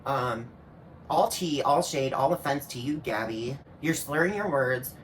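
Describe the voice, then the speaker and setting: A man's voice: mid-range voice, animated, a little slow, fairly bright tone. Man, reaction video host, sassy, snarky, slangy asides, casual commentary, faint hiss.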